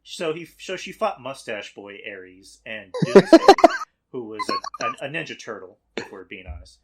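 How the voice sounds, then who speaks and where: A man talking as a podcast guest in casual chat, animated and laughing often. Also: mid-range voice, moderate pace, slightly rough.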